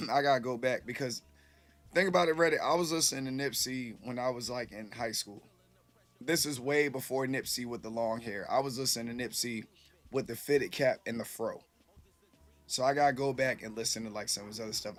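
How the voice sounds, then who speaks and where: A man's voice: medium pitch, fairly bright tone. A man casually chatting with his live-stream viewers, rambling loosely and swearing freely, a little tipsy.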